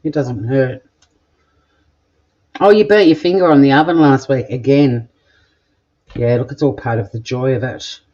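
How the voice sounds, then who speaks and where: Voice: medium pitch, measured pace, long pauses, a little mellow, highs cut off. A home cook with an Australian accent chatting casually while cooking in a home kitchen, joking crudely and rambling as they go. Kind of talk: casual cooking vlog chat.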